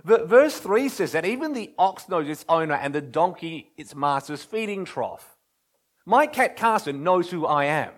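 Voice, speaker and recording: Impassioned man preaching, lively pitch. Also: moderate pace. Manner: impassioned, swings from loud pleading to hushed near-whispers. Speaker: pastor. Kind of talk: sermon.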